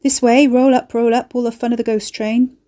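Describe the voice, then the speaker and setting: A woman's voice: a little high, flat delivery, a little fast, mellow, voice pushed up, lightly acted. A woman voicing a shifty, sarcastic male soothsayer, talking in a blunt, teasing way. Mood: brusque. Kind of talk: audiobook character voice.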